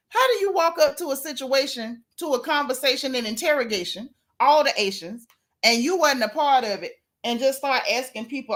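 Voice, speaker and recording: Sassy high-voiced woman dishing gossip. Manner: sassy, animated, talks straight at the people she mocks. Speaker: gossip vlogger. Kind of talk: casual commentary to viewers.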